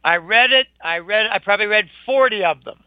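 A man's voice: sits high, a little fast, no room sound. An older man speaking as an interview guest in an emphatic, indignant, scornful conversational monologue. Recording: dull lo-fi dry recording.

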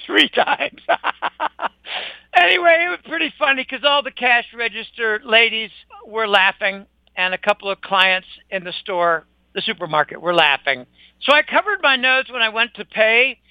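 A man's voice: high voice, smooth, no room sound. An older man speaking as an interview guest in an emphatic, indignant, scornful conversational monologue. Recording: dull lo-fi dry recording.

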